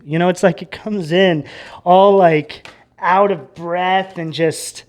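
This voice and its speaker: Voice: medium pitch, measured pace. Chatty, rambling tarot reader. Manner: chatty and rambling, with many fillers and tag questions. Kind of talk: casual tarot reading to camera.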